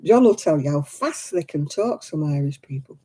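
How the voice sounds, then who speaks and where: A woman's voice: low voice, lively intonation, normal speed, warm tone, husky. A woman hosting a casual livestream chat, talking to viewers by name and laughing often. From England. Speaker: livestream host.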